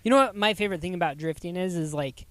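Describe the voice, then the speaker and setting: High-voiced man rambling casually. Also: fast, fairly bright tone, no room sound. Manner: rambling, laid-back, full of "like" and "you know". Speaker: podcast guest. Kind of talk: casual podcast chat.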